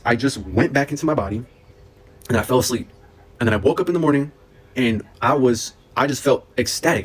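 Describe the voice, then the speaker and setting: A young man telling a personal story in a casual, excited, rambling way, full of fillers and restarts. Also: medium pitch, slightly rough.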